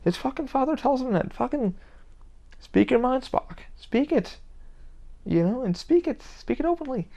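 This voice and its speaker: A man's voice: very high voice, animated, moderate pace, vocal fry, warm tone. A man hosting his own podcast, talking in a heated, rambling monologue with constant swearing. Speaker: podcast host. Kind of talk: casual monologue.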